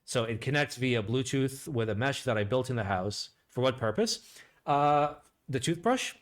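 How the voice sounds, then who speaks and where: A man's voice: medium pitch, expressive, moderate pace. A man hosting a live stream, chatting casually and reacting, with a rambling, profane delivery full of filler words. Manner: rambling, sweary, lots of "like" fillers.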